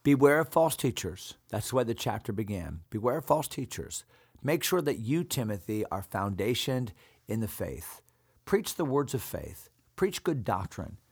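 A male pastor walks through a Bible passage in a sermon-like cadence. His voice has a gravelly texture, and his pitch swings widely as he repeats key phrases. He sounds earnest and deliberate. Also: sing-song, a little mellow. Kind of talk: Bible teaching discussion.

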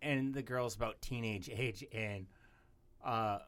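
A man's voice: on the low side, slow pace, fairly bright tone. A man co-hosting a podcast, telling a rambling story in casual, profane chat. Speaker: podcast co-host.

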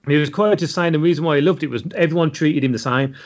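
A man chats casually as co-host of a film podcast, reading out trivia in a dry, matter-of-fact way. His voice sits a little high for a man. The recording sounds muffled and lo-fi. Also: fast talker. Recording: dull lo-fi sound.

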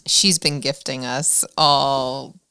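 A woman's voice: very deep voice, fairly even intonation, slow pace, pushed and bright, clean tone, no echo, clean studio sound. A woman co-hosting a podcast in casual, playful chat, laughing and teasing her partner. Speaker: podcast co-host.

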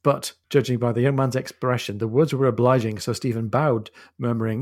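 A man co-hosts a podcast, discussing a novel in a relaxed way and giving its passages an expressive reading, with frequent laughter. His medium-pitched voice is fairly even, a little fast and a little mellow, and the studio-quality audio has no room sound.

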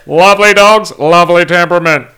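A man voicing an obnoxious, dim-witted Australian bloke with a loud, high-pitched, crude drawl. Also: brisk, clear, resonant tone. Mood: boastful.

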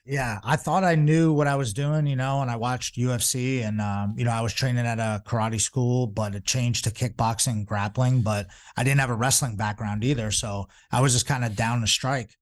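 A man's voice: mid-range voice, steady tone, normal speed, hardly any pauses. A man in his forties, a jiu-jitsu instructor, telling stories in a casual, rambling way, with lots of fillers and restarts. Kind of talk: casual storytelling.

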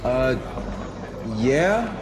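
A man's voice: medium pitch, big pitch swings, very slow, background noise. An actor playing a young man protesting that his banknote is real. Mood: indignant. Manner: protesting, incredulous. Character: indignant young man accused of fake money. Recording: TV clip with music and crowd.

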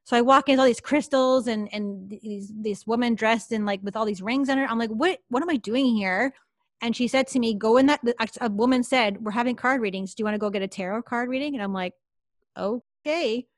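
A woman's voice: a little high, quick pace, hardly any pauses, no room sound, studio quality. A woman, a psychic medium, telling a personal story in a podcast interview, chatty and full of fillers. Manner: lively, chatty, many fillers like "like".

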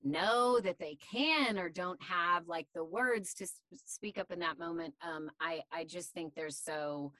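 A woman from Tennessee who works in voiceover talks unhurriedly as a podcast guest, circling back and restarting her thoughts. Her voice is bright and fairly low for a woman. The recording is close and dry. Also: a little slow, hardly any pauses, no room sound. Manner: rambling, full of fillers and restarts. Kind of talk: casual conversational interview.

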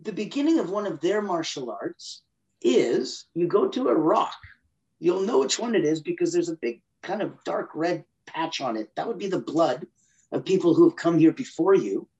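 A man's voice: a little high, animated, normal speed, a little mellow, lo-fi sound. A man as a guest on a podcast interview, explaining with energy and acting out inner voices. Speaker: guest expert.

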